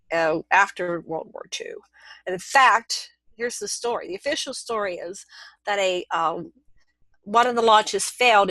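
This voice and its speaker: An older woman telling a long personal story as an interview guest, lively and animated with laughs, restarts and quick asides. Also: medium pitch, dry recording, rough recording. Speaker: interview guest recounting experiences.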